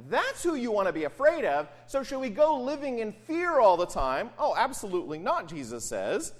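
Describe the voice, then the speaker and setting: Very animated conversational preacher. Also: medium pitch, normal speed. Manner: animated, often asks "right?". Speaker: pastor. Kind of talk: conversational sermon.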